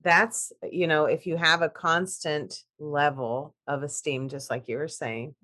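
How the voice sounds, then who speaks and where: A woman co-hosting a podcast in casual chat, animated and laughing often, restarting her sentences as she goes. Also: low voice, a little slow.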